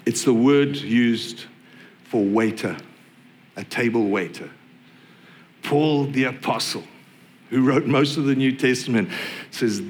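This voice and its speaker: A middle-aged man preaching a sermon, conversational and joking, with playful asides to the congregation. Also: medium pitch. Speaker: pastor.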